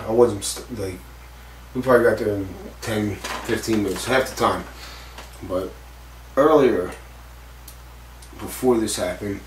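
A man telling a story in an interview, rambling and swearing freely, with lots of fillers. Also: on the low side. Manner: rambling, profane, full of fillers like "like" and "you know". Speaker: interviewee recounting a stunt accident. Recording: roomy echo, distant mic, faint background noise.

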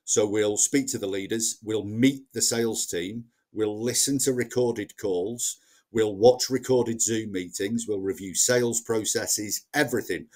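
Low-voiced Northern English man. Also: darkish tone. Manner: plain-spoken, explains step by step with acted-out quotes. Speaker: sales trainer guest. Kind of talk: casual podcast conversation.

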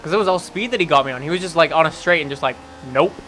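Excitable young man narrating a racing game. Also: very fast, soft background music. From Canada. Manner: excitable, rambling, bursts into high yelps. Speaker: gaming channel host. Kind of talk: let's play commentary.

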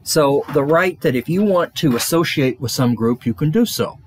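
A man's voice: a little high, lively intonation, moderate pace, a little hiss or hum. A man lecturing a college class, rambling with many fillers and restarts.

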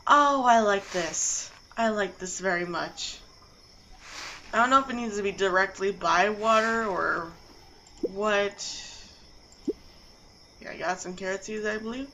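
Bright-voiced woman gaming host. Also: medium pitch, unhurried, pauses often, a little hiss or hum, poor audio. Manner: chatty, gushing. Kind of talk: casual let's-play commentary.

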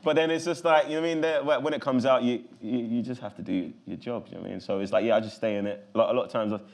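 A man with a London accent, answering interview questions in an animated, loose way full of casual fillers. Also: medium pitch, rapid-fire, vocal fry. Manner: animated, loose, full of fillers like "you know what I'm saying". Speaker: actor guest.

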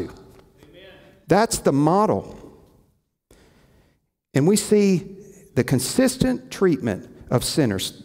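Male pastor, mid-pitched gravelly voice, storytelling sermon, long church reverb. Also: a little mellow. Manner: storytelling, acts out quoted lines. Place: church sanctuary. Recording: echoey church hall.

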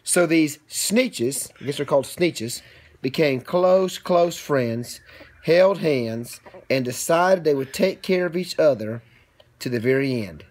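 A man's voice: on the high side, animated, takes it slowly. A man improvising a picture-book story for his young son, in a playful, chatty way. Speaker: father reading to his son.

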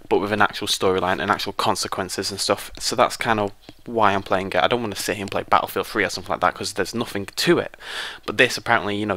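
A British man giving joking, excitable gameplay commentary as a let's play host, shouting at the game. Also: on the low side, no room sound.

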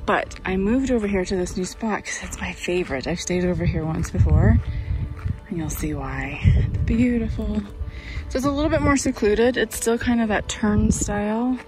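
A woman vlogging about van life, chatting casually with fillers while walking outdoors on windy hills and filming with a handheld camera. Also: mid-range voice. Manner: chatty, enthusiastic, rambling with fillers. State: out of breath while walking uphill. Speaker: vanlife vlogger. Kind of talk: casual vlog narration and walk-and-talk.

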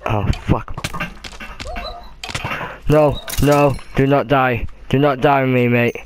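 Young Welsh man, slow drawl, mid pitch, casual gameplay commentary with lots of swearing, faint game noise behind. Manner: swears a lot, talks to his pets in the game. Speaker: gaming commentator.

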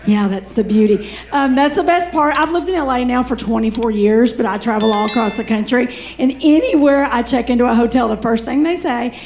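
A middle-aged woman with a Southern US accent and a raspy, gravelly voice, doing a wry, sassy stand-up comedy set on a stage mic. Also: on the high side, brisk, darkish tone. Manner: wry, sassy, conversational delivery.

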